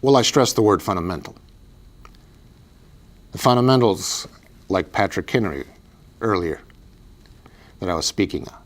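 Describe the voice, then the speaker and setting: A man's voice: sits low, expressive, moderate pace, pauses often. A man giving an emphatic, preachy political commentary monologue as a write-in candidate, repeating phrases for effect. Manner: emphatic, repetitive, preachy delivery.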